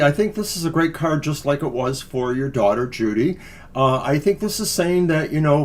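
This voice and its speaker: A man's voice: on the high side, a little mellow. A man co-hosting a live tarot reading, giving earnest, encouraging card messages in a loose, casual way. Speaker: tarot reader co-host.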